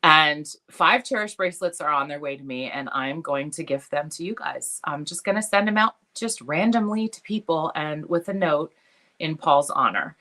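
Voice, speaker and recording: A woman hosting a casual live stream for her followers, emotional and tearful, speaking in a heartfelt, halting way with many pauses and fillers. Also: low-pitched, animated, bright, forceful tone. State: tearful, has been crying. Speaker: jewelry business live-stream host.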